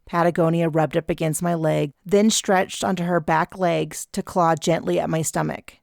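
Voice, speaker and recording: A woman reads a first-person audiobook in a low voice with a gravelly edge. Her storytelling is steady and even. The recording is dry and close, with no room sound. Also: normal speed, hardly any pauses, no room sound. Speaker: audiobook narrator.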